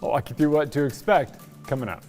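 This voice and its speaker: A man's voice: on the high side, fast talker, soft background music. A man who does the weather on a morning news show, joking and chatting with his co-hosts. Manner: joking, animated delivery. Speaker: meteorologist.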